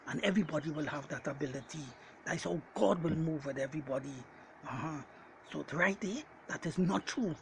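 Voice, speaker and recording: A man preaches a message in a fairly high voice, talking straight at his listeners and hammering the same phrases again and again. He keeps calling them ladies and gentlemen as he pushes each point home. A faint hiss sits under his voice. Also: brisk, gravelly, low-quality recording. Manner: repetitive, hammering refrains. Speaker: self-styled Bible teacher.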